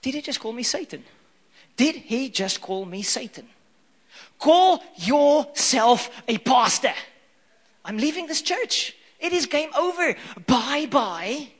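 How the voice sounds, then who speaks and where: A preacher putting on a huffy offended disciple. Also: male voice, extremely high pitch, big pitch swings, slow pace, husky, voice pushed up, exaggerated voice. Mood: indignant. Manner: exaggerated, huffy. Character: indignant offended male disciple storming off. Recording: echoey hall.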